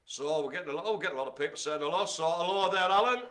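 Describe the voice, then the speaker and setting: A middle-aged man hosting a live bingo game, chatty and jokey, speaking to his audience as ladies and gentlemen. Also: on the high side, rapid-fire. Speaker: bingo caller and host.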